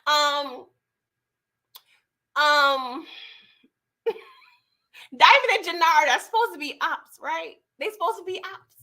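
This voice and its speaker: Woman doing a tv recap stream, high bright voice, slangy aave, animated and teasing. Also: slow pace, pauses often. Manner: animated, slangy, laughs and mocks. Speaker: TV recap host. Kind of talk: casual live-stream recap chat.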